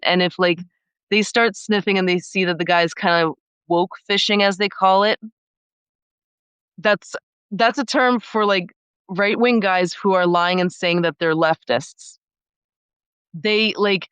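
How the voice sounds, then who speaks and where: A woman's voice: fairly low pitch, slow pace, a bit bright, clear, resonant tone, dry recording. A woman talking about dating as a podcast guest, in a blunt, wry, chatty way. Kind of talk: casual conversation.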